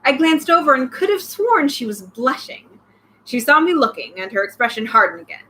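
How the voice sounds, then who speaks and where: Young woman, high lively voice, reads a novel aloud and cuts in with eager asides; faint ambience under her. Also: normal speed, a little hiss or hum, rough recording. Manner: excited outbursts between read passages. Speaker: reader, channel host. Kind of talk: reading a novel aloud with commentary.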